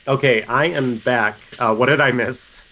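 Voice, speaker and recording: A man co-hosting a casual podcast while recovering from a cold, relaxed and wry, speaking into a sensitive microphone. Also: mid-range voice, measured pace, a little hiss or hum. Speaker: podcast co-host.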